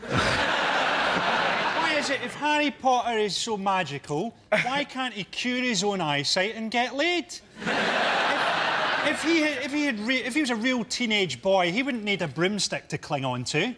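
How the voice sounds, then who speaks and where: High-voiced man firing crude one-liners. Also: very animated, a little slow. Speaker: comedian panellist. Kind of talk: quick gags on a panel show. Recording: noisy, loud studio audience.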